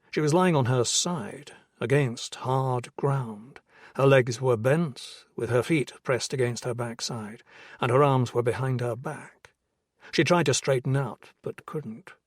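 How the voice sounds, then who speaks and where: A male audiobook narrator reads scripted narration in a husky, mid-range voice. The recording is dry and studio quality.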